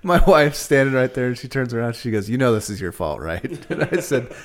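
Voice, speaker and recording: A man's voice: mid-range voice, very animated, fairly quick. A young adult man, a podcast host, casually telling funny anecdotes and laughing along. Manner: laid-back, laughs while telling anecdotes. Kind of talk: casual chat, storytelling.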